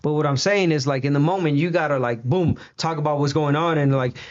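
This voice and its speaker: A man in his thirties with a Mexican accent, an animated storyteller who acts out quoted voices in a casual podcast chat. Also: on the high side, fairly quick, dull audio. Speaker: podcast guest, boxing commentator.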